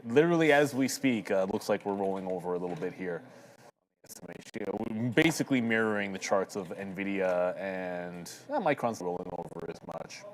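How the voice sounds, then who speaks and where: A man's voice: low voice, expressive, moderate pace, low-quality recording. A man co-hosting a live trading show, chatty and upbeat, talking to viewers in the chat. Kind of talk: live market commentary chat.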